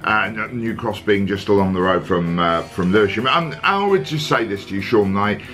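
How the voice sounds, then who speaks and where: A man hosting a comic football vlog, talking deadpan and sarcastic with lots of fillers. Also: on the low side, moderate pace, faint music behind. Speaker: comedy vlog host. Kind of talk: comic monologue to camera.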